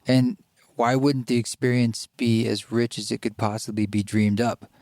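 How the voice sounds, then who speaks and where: A man hosting a podcast interview, easygoing and quick to laugh. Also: medium pitch, fairly even intonation, a little mellow, no room sound, studio quality. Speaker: podcast host. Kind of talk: casual interview chat.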